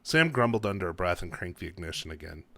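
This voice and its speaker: A man, an author, reading his own story aloud in a calm, unhurried way. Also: deep voice, no echo.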